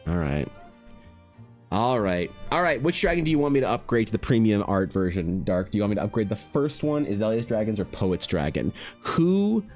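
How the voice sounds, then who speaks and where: Male art streamer, lively pitch, exasperated and profane, addressing his chat. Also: normal speed, soft background music. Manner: talks directly to viewers. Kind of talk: casual livestream chat.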